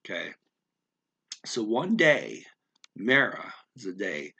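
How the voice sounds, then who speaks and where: A man explaining words of a story in an unscripted lesson, thinking aloud with many fillers and repeating words slowly to practice how they sound. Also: fairly low pitch, very animated, creaky, sharp tone, husky. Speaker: language learner explaining vocabulary.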